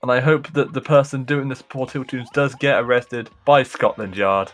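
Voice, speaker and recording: A man's voice: medium pitch, moderate pace. Joking male speedrun commentator. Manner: joking, chatty, laughs often. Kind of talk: casual live commentary.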